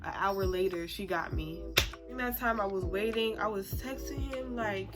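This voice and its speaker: A young woman vlogger telling a personal story in a chatty, expressive, slangy way. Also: medium pitch, unhurried. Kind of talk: casual storytime. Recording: music playing under the voice.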